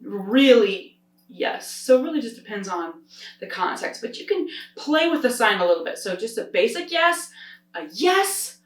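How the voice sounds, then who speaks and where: A woman's voice: on the high side, sing-song, fairly quick. A woman sign language teacher explaining step by step in an upbeat, demonstrative way. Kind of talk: instructional explanation. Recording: roomy sound, distant from the mic.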